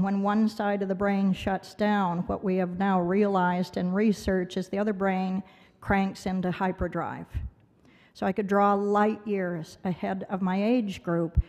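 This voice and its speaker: Long reverb fills the recording as a woman speaks in a large gala banquet hall, accepting an award with a heartfelt speech. Her medium-pitched, slightly mellow voice turns dramatic as she tells a personal story and acts out others' voices.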